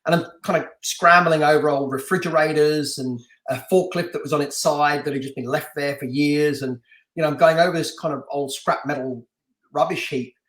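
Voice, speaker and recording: A middle-aged man from London telling a story as a podcast guest, animated and laughing often, with lots of restarts. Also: fairly high pitch, a little fast, echoey room. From London, England. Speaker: podcast guest, martial artist and stunt actor. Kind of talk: casual storytelling interview.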